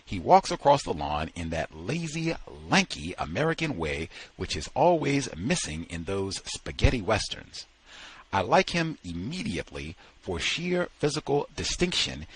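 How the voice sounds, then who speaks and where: A man reading a novel aloud at a book study session in a slow, dramatic storytelling manner. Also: fairly low pitch, sing-song, breathy edge, poor audio.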